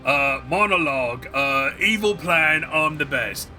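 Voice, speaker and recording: A man plays a smug armored villain, gloating in a raised, bright voice that sneers at everyone below him. It sounds like a casual parody of a game boss, with faint music underneath. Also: fairly high pitch, animated, unhurried, exaggerated voice. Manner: mocking, self-satisfied gloating. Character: gloating male Chaos warlord, smug villain.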